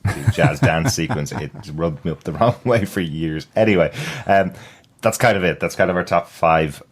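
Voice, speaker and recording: A man's voice: sits low, moderate pace, husky. A man co-hosting a film review podcast, talking casually and chuckling as he goes. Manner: relaxed, chuckles through his points. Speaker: podcast co-host.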